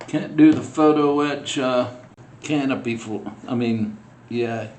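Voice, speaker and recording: A man's voice: medium pitch, slow, a little mellow, reverberant. A man building a scale model on a casual vlog, muttering to himself in frustration as he works.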